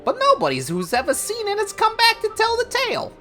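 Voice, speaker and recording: A woman's voice: very high-pitched, wildly swooping pitch, moderate pace, pushed and bright, faint music behind, voice pushed up, heavily acted. A woman voicing a brash, scheming male cartoon cat, reading game dialogue in a nasal, brassy put-on voice.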